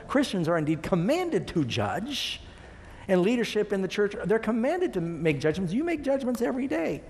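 A man's voice: fairly high pitch, darkish tone. A man preaching a sermon, emphatic and putting questions to his congregation. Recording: long reverb of a large hall.

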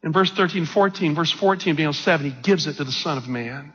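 A man preaching a sermon, reading scripture slowly and with emphasis. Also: a little high, a bit bright, breathy edge. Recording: dull lo-fi recording in a reverberant hall.

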